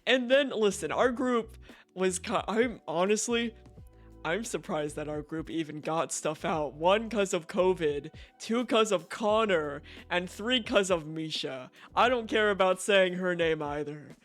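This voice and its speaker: A young man streaming a game, telling a story in a profane, animated rant full of "right?" asides. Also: sits high, measured pace, faint music behind.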